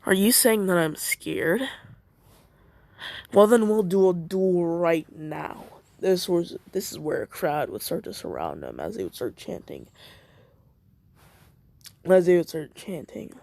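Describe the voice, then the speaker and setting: A man's voice: a little high, expressive, a little slow, creaky, darkish tone, no room sound. A man improvising a fan story, rambling and hesitant, correcting himself as he goes and jumping between voices. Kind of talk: improvised fan fiction narration.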